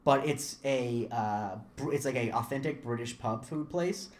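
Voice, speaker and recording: A young man co-hosting a podcast in casual chat. He rambles, restarts his sentences and gets animated when a story takes off. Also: medium pitch, measured pace. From Florida. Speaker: podcast co-host.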